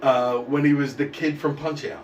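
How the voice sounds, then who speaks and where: A man co-hosting a stream who tells stories in casual, animated chat, with a lot of swearing. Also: mid-range voice, normal speed. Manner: profane, animated storyteller. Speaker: stream co-host. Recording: echoey room, distant mic, faint noise.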